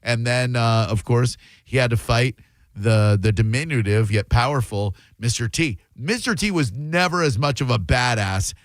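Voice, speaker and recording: A man's voice: mid-range voice, moderate pace, no echo. A man hosting a radio show, riffing animatedly in comedic studio banter. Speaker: radio host. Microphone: studio microphone.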